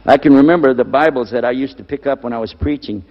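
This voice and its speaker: A man's voice: mid-range voice, fast. A man giving a religious lecture to a live audience, firing rhetorical questions at them and repeating key words for emphasis. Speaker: lecturer on Islam. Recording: dull lo-fi recording in a reverberant hall.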